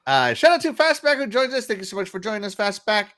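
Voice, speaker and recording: A man's voice: sits high, very animated, quick pace, a bit bright. A man hosting a casual livestream podcast, chatty and upbeat, laughing often as he greets viewers. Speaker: podcast host.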